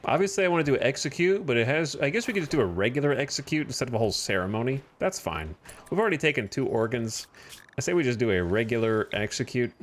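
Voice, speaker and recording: A man's voice: mid-range voice, expressive, fast talker, slight background noise. A man streaming a game, chatting casually and thinking aloud about his next moves. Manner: thinks aloud while playing, chatty and easygoing. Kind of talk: casual gameplay commentary.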